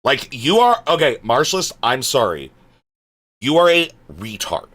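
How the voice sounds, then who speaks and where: A male streamer answers his chat live, bright-toned and swearing freely. He sounds fed up, his voice swinging high and low, and his remarks trail off into mutters. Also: sing-song, unhurried. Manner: exasperated, swearing, muttering asides.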